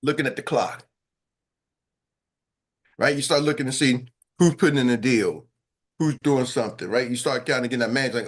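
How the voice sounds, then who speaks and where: Hyped-up motivational coach, a man. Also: mid-range voice. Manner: animated, hyped, slangy, rapid asides. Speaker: sales coach and show host. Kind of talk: energetic motivational team talk.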